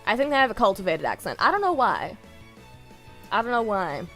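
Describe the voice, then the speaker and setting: Giggly Australian woman streamer, lively pitch. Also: brisk, soft background music. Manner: giggly, chatty, rambling tangents. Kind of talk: casual stream chat.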